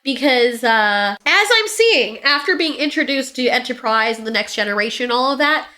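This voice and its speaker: A woman's voice: fairly high pitch, animated, normal speed, sharp tone. A woman giving blunt, sarcastic reaction commentary, swearing freely and laughing often. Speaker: reaction streamer.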